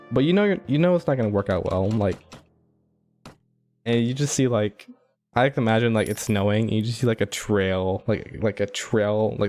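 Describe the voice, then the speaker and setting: The commentator's voice is on the low side and darkish as he gives loose, rambling narration over his playthrough. He fills it with "like" and laughs through little asides.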